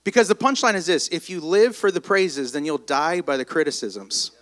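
A man's voice: on the high side, moderate pace. A man giving a motivational speech at a live event, telling stories with energy and calling on the crowd to respond. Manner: energetic, storytelling, calls on the crowd. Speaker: motivational business speaker.

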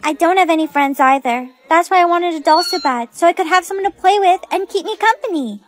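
A woman voicing a lonely young orphan girl, soft and plaintive. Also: very high voice, a little fast. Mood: sad.

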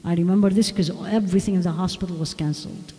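A woman's voice: lowish voice, fast, warm tone. A woman giving a religious lecture to a women's audience, emphatic and repeating rhetorical questions to her listeners. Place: large mosque hall. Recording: long hall reverb.

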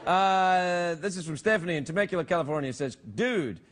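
A man's voice: high voice, fast, fairly bright tone. A man with a Scottish accent hosting a late-night show with playful, wry banter. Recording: TV studio with audience noise.

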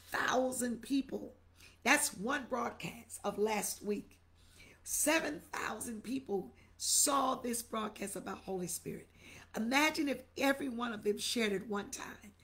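An exuberant middle-aged woman preacher, her voice sitting a little high. She repeats phrases and calls out to her listeners by name as she preaches on a livestream. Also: a little slow, a bit bright. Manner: exuberant, repetitive, calls out viewers' names. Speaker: bishop and preacher. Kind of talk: livestream sermon, greeting viewers.

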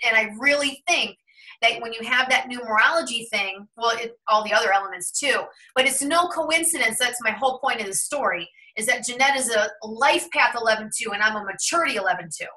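A woman in her thirties with a bright, sharp, fairly high voice tells a personal story in a loose, chatty way. She acts out the quoted remarks as she goes. Her voice sounds a little distant from the mic. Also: a little fast. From Ohio, USA. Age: 30s. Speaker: host of a tarot and numerology channel. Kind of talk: casual storytelling on a call.

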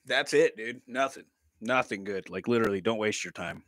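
A man's voice: on the low side, normal speed, a bit bright, dry recording. A man, chatting casually on a livestream, joking, laughing often and swearing freely. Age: 30s. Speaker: livestream vlogger.

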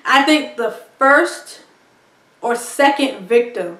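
A woman's voice: on the high side, a little slow, fairly bright tone, distant mic. A woman reviewing a film in a casual, rambling monologue, full of fillers and frequent laughs. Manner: chatty, rambling, laughs often, lots of ums and likes. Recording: echoey room, voice set back from mic.

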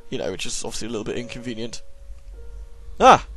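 A man's voice: mid-range voice, lively intonation, fast, bright, forceful tone, faint music behind. A man with a sore throat giving jokey, sarcastic commentary while playing a horror game. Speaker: let's play host. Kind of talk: gameplay commentary.

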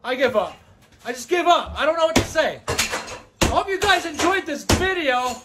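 A woman filming a home vlog as a parent, exasperated and yelling at her kids to stop. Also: sits high, animated, moderate pace. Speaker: parent vlogger. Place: home bathroom. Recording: loud background noise.

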